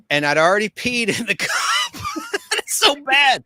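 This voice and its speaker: A man in his forties with a bright, forceful voice, telling stories with lively animation and popping into squeaky voices for the people in them. The sound is dry and close, with no room echo. He talks casually, like a host among friends. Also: moderate pace. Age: 40s. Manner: animated storyteller, acts out quotes in squeaky voices. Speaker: podcast host. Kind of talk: casual storytelling chat.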